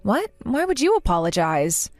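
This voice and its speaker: A woman's voice: medium pitch, wildly swooping pitch, moderate pace, no room sound, soft background music. A woman voicing an earnest jilted young bride. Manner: earnest, emotional. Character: jilted young bride, hurt but resolute. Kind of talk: text-to-speech story narration.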